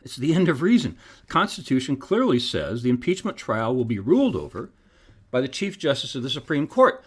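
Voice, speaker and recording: A man hosting his own podcast, reading scripted commentary in an emphatic, preacherly way. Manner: emphatic, preacherly delivery with wide pitch swings. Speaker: podcast host.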